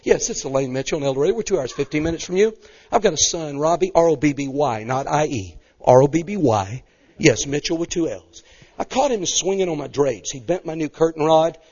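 A woman's voice: sits low, animated, a little fast, mellow, husky, pitched above the performer's own voice. A man voicing a stern, no-nonsense Southern mother who is firm and then sugary-polite on the phone, with a dull lo-fi sound.

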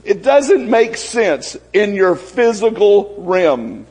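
A male pastor delivers a sermon in a high, husky voice. He moves between soft, prayerful passages and excited, fervent exclamations. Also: slow pace, poor audio.

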